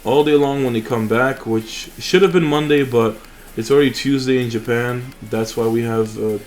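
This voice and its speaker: Relaxed man rambling over game footage. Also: medium pitch, moderate pace. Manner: rambling, relaxed, fillers and restarts. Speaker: mobile game channel host. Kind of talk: casual gameplay commentary.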